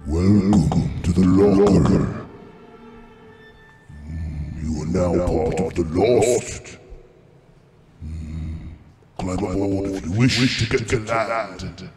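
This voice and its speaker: A looming undead boatman with a very low, heavy voice. He drags every word out slowly in a droning, menacing tone, like a figure in a spoken tabletop adventure. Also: music in the background. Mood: ominous. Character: deep ominous robed skeletal ferryman of the dead.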